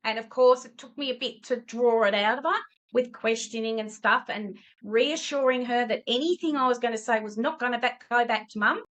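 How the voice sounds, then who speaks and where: A woman's voice: fairly high pitch, brisk, low-quality recording. A middle-aged woman, a tutor telling a story as an interview guest and acting out the voices of the people in it. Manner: animated, acts out quoted voices. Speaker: tutor and education business owner, interview guest.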